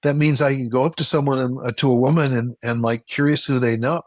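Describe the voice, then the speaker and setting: Man, middle-pitched, relationship expert guest; explanatory, repeats points, animated quoted asides; dry close sound. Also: fast, dry recording. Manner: animated, acts out quoted reactions with a jump in pitch. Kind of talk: casual interview conversation.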